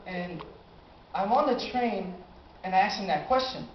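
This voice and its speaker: An eighteen-year-old man telling a personal story on stage, animated and acting out his own reactions. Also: high-pitched, unhurried, a little hiss or hum. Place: live stage in a small cafe venue. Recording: roomy, dull amateur live recording.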